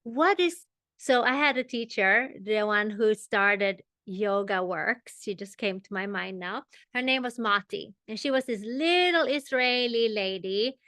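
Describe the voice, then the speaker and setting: Woman, meditation teacher, tense bright tone, very measured delivery, keeps checking in with the class. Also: fairly high pitch, no echo. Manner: unhurried, explanatory, checks in with "okay" and "right?". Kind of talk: spiritual teaching.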